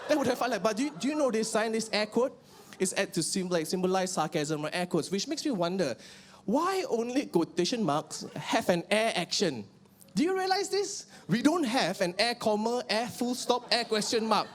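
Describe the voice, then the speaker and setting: A young Malaysian man with a Malaysian accent performing an animated stand-up comedy set on stage, shouting out punchlines. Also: high voice, moderate pace. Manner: animated, switches into mimicked relatives and bursts of shouting. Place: live comedy venue with audience.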